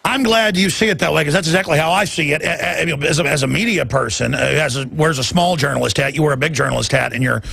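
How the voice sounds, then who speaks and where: Gravelly, sharp-voiced male radio host. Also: a little high, fast, hardly any pauses, no echo. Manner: heated, emphatic ranting. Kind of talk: talk radio commentary.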